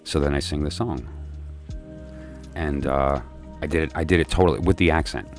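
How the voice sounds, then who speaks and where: Very deep-voiced, tired man rambling. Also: normal speed, a little mellow, faint music behind. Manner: rambling and chatty, many fillers and restarts. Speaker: livestream host chatting with viewers. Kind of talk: casual rambling storytelling.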